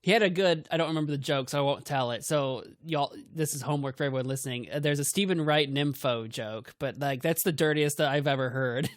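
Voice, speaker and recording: On a dry, clean studio recording, a male podcast co-host with a fairly high voice chats casually and laughs often. He talks fairly quickly with few pauses.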